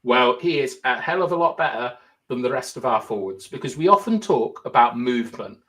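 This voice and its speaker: A man's voice: medium pitch, animated, fairly quick, fairly bright tone. A young man co-hosting a casual football podcast, explaining tactics at length and thinking aloud with lots of fillers. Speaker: podcast co-host.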